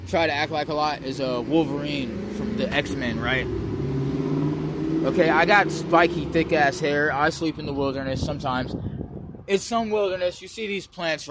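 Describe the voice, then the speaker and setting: Dude from west oakland rambling on his vlog outside, cussing a lot, voice kinda high for a guy, some faint street noise. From West Oakland, California. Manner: loose, profane street slang, meandering. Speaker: vlogger. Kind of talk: rambling casual monologue.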